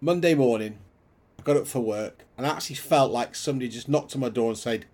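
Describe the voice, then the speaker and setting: A man in casual sports chat, giving a blunt, deliberate breakdown of a loss. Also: mid-range voice, a little mellow.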